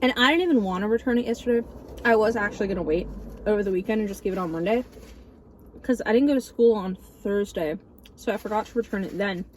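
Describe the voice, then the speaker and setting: A woman's voice: mid-range voice, fast, slight background noise. A woman in her early twenties chatting casually while eating on camera, telling her stories in a sarcastic, dramatic way. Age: early 20s. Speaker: vlogger. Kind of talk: casual mukbang chat.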